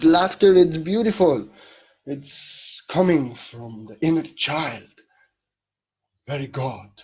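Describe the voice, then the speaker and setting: A man's voice: medium pitch, husky, dull audio. A man giving a spiritual monologue in a playful, irreverent way, swearing casually.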